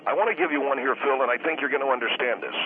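A man calling in as a guest author, defensive and halting, restarting his sentences often. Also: mid-range voice. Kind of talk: call-in radio talk. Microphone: telephone. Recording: tinny phone line with faint hiss.

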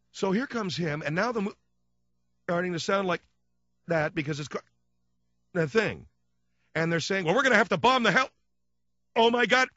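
A man's voice: a little high, a bit bright, no echo, lo-fi sound. A man hosting a radio talk show, ranting sarcastically in a comic monologue.

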